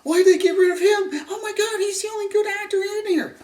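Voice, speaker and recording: A man mimicking a shrill whiny movie fan. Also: fairly quick, a little mellow. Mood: mocking. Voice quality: shrill, exaggerated. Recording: roomy echo, distant mic.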